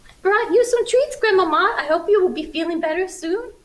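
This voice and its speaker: A woman voicing a polite little girl in a storybook, high and sing-song. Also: brisk. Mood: sweet. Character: little girl in a red hood, sweet and polite.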